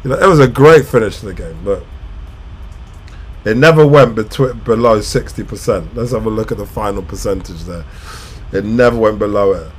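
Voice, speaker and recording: A man reacting live to a football match, shouting at the action, then chatting casually through a recap of the game. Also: lowish voice, moderate pace, husky. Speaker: live football watch-along commentator. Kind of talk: casual post-match analysis.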